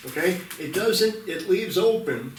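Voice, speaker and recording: Man chairing a board meeting, slightly high voice, firm, heard from far off in an echoey room. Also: animated, measured pace, slight background noise. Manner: firm, interjecting to keep order. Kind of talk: meeting discussion.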